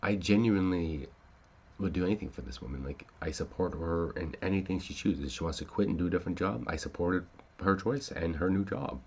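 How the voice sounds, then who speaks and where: A man's voice: low voice, fairly quick, a little mellow, husky. A man hosting a casual talk show, rambling with many fillers and restarts and swearing when upset. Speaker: podcast host.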